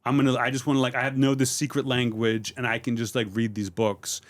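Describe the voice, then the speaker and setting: A man's voice: medium pitch, fast. A middle-aged man, a comedian, chatting casually as a podcast guest and telling stories in a loose, rambling way. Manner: relaxed, rambling storytelling with many fillers.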